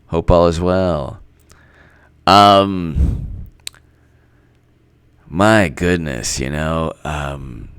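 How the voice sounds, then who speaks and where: A man's voice: deep voice, clean tone, dry recording. A man giving casual political commentary in a sarcastic, mocking way, laughing often.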